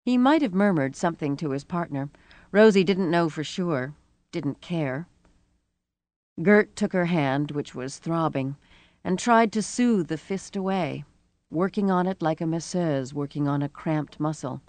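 Female audiobook narrator, low-ish voice, measured and expressive, dry studio sound. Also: no room sound.

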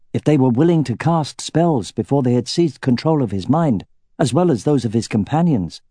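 A man narrates a fantasy novel in steady, even scripted narration. His voice is mellow and warm, recorded dry and close with no room sound. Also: mid-range voice, dry recording. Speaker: audiobook narrator.

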